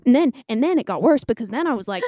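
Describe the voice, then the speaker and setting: A woman in her twenties tells a rambling, self-mocking story as a podcast co-host. Her voice is mellow and her pitch swings widely as she talks. The sound is dry and close to the mic. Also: animated, fast talker, no echo. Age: 20s.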